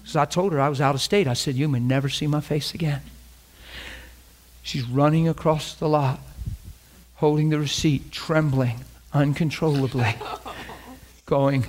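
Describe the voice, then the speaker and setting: Storytelling male preacher, slightly high voice. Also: fairly even intonation, a little slow, a little mellow. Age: middle-aged. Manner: storytelling, acts out dialogue. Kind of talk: sermon.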